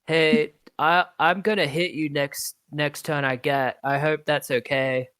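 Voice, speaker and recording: A tabletop game master voicing a dim, gentle, apologetic female earth elemental who keeps saying sorry. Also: medium pitch, steady tone, a little slow, smooth, dry recording, clean studio sound, natural voice. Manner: meek, polite, keeps apologizing.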